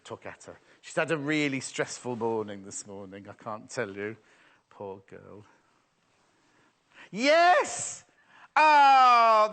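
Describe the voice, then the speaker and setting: A man's voice: medium pitch, bright, forceful tone. A middle-aged man presenting live sales on TV, chatty and teasing as he banters with his crew. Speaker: shopping channel presenter.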